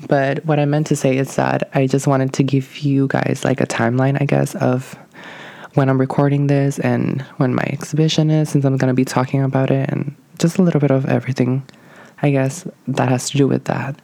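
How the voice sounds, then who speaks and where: Young adult solo podcaster, a bit winded, gravelly and mellow tone, dry close sound, nervous rambling delivery. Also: mid-range voice, level tone, fairly quick, no room sound. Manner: nervous, rambling, many hedges and fillers. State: out of breath. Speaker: podcast host. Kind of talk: casual solo podcast monologue.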